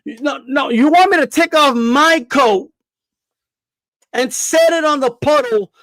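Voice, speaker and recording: High-voiced man ranting on a stream. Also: a little slow, fairly bright tone, no echo. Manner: profane, repetitive, defiant; stammers and restarts. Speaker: boxing streamer. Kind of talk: live-stream rant.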